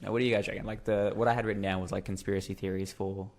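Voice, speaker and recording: A man talks through a casual podcast chat in a low voice. He packs his talk with fillers and repeats himself as he works out what to say. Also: very fast, creaky. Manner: filler-heavy, repeats words, animated. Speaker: podcast co-host.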